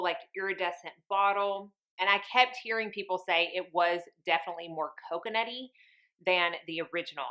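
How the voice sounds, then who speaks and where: A woman talks in a relaxed, gossipy way. Her voice sits a little low, yet it has a bright, forward ring. She pokes fun at herself as she goes. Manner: chatty, folksy, self-deprecating. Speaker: beauty vlogger reviewing fragrances. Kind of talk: casual chat.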